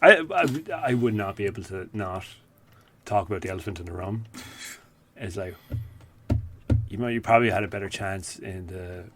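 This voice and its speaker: A man, co-hosting a podcast in casual, rambling, profane chat that gets animated when he tells stories. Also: low-pitched, moderate pace, pauses often, a little hiss or hum. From Ireland. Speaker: podcast co-host.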